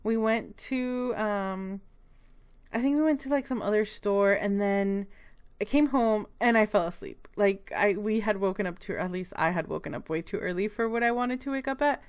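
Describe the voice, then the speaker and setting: A young woman narrating a planner vlog in a chatty, rambling way, her voice a bit hoarse and breaking. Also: mid-range voice, moderate pace. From Texas. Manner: chatty, rambling, with many fillers and restarts. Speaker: planner vlogger. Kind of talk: casual voice-over narration.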